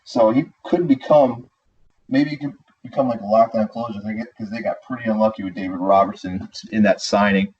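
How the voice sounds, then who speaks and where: A man's voice: lowish voice, steady tone, brisk, darkish tone, slight background noise. A man co-hosting a podcast in casual sports chat, ranting animatedly and calling people "dude" and "bro.". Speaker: podcast co-host. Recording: dull lo-fi sound.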